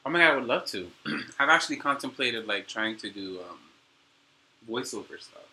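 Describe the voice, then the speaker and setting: Very bright, animated New York man. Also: medium pitch, normal speed, poor audio. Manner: animated, bubbly, laughs often. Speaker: podcast co-host. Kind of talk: casual chat.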